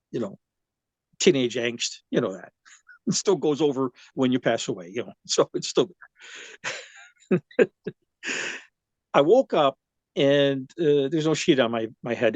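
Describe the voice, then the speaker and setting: A man's voice: fairly high pitch, darkish tone, no echo. A man in his seventies, a guest in an interview, telling a personal story in a rambling way, full of restarts and fillers.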